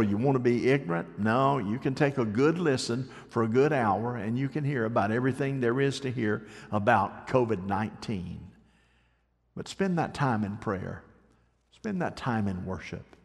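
A man's voice: medium pitch, big-room sound. A man pastor preaching a sermon, speaking directly to listeners at home.

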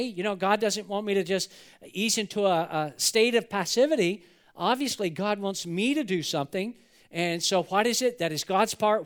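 Man, pastor, sermon in church, earnest, repeats words, high resonant voice. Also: a bit bright, clear, resonant tone. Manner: earnest, repeats words and restarts when stressing a point.

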